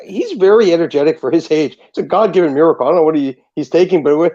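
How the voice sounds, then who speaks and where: A man co-hosting a casual sports podcast, sarcastic and excitable. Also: on the high side, fast talker. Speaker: podcast co-host. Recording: muffled lo-fi audio.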